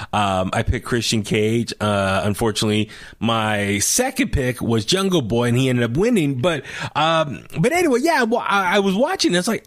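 A man hosting a casual podcast chat, telling his stories in an animated, talkative way. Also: mid-range voice, no room sound, clean studio sound. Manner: animated, chatty storytelling. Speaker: podcast host.

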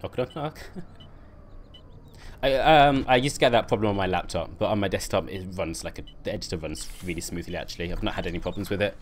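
A man's voice: sits low, a little fast, a little hiss or hum. A young man chatting on a live stream while playing a game, reading and answering his chat and laughing often.

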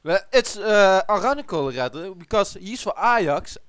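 High, smooth Dutch-accented young man. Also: animated, moderate pace, fairly bright tone, no echo. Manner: crude, joking, frequent swearing. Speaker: let's play commentator. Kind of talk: casual gameplay commentary.

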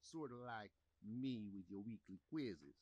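A man's voice: lowish voice, animated, a little slow, a little mellow, dry recording, muffled recording. An actor playing an adult male teacher lecturing a class in a story game, in a dry lecturing manner. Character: adult male schoolteacher lecturing on Egyptian myth. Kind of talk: video game voice acting.

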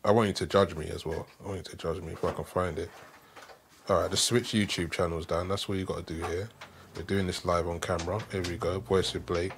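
A man's voice: low-pitched, fairly quick, noisy background. A British man, a voiceover artist, chatting casually as a podcast guest with lots of agreeing yeahs. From Britain. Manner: relaxed, agreeable, lots of "yeah".

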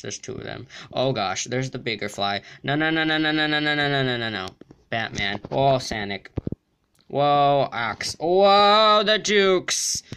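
A young man giving excited gameplay commentary, jumping between mumbling and sudden yelps and shrieks. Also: mid-range voice, smooth. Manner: jumpy, yelps and shrieks when threatened. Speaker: gaming YouTuber.

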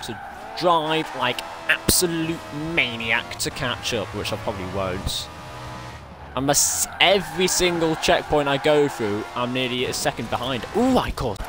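A man excitedly commentating his own racing game play, breaking into strings of repeated exclamations. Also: mid-range voice, a little slow. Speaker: gaming streamer. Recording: game music behind.

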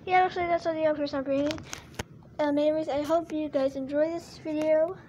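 A woman's voice: sits high, warm tone, muffled recording, slight background noise. A female vlogger chatting casually to camera about her toy collection, rambling with lots of fillers and restarts.

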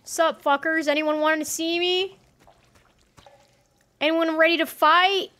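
A woman's voice: very high-pitched, fairly even intonation, measured pace, bright, forceful tone. A woman streaming a horror game, talking to her chat and swearing in flustered bursts as she gets lost and scared. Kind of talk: live gameplay commentary.

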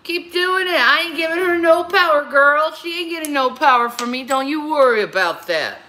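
Furious woman streamer, high animated voice, bright and sharp, swearing and repeating herself. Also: moderate pace. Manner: profane, confrontational, repetitive. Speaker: livestreamer. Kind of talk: angry livestream rant.

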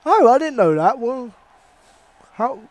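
A young man giving casual, excitable, swearing play-by-play commentary over a wrestling video game. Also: extremely high pitch, slow pace, no echo. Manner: excitable and profane, with sudden outbursts. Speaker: gaming channel host.

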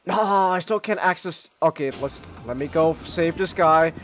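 A male streamer giving casual, excitable gaming commentary, stammering and exclaiming often. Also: fairly high pitch, moderate pace, a little hiss or hum.

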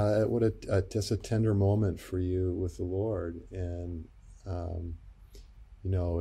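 Soft-spoken low-voiced male guest. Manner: gentle, reflective, halting with many fillers. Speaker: pastor and psychologist guest. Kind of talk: interview conversation.

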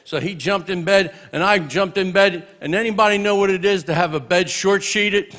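Older man telling warm stories at a memorial. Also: sits high, moderate pace. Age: 60s. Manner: storytelling, punctuated with exclamations of praise. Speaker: minister giving a eulogy. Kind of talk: memorial tribute speech with humorous anecdotes. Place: church memorial service.

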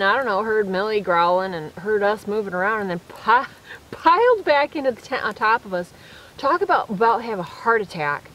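A woman chatting to camera while camping alone in the woods at night, telling lively stories in a casual, animated way. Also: medium pitch, rough recording. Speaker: solo camping vlogger.

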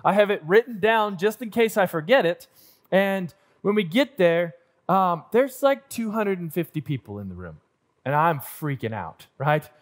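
A young adult man preaching in church, telling a self-deprecating story and acting out the scenes in an animated way. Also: sits high, moderate pace. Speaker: pastor. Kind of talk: sermon storytelling. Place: church auditorium.

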